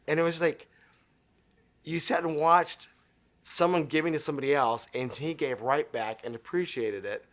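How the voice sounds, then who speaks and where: Lively middle-aged man telling stories. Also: a little high, normal speed. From Arizona. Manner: animated storyteller acting out dialogue. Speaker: interview guest. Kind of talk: casual interview storytelling.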